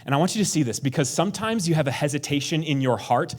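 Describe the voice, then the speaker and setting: Conversational, animated male pastor preaching. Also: on the high side, quick pace. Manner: conversational, acts out prayers in a raised voice, drops to a near whisper for emphasis. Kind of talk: sermon.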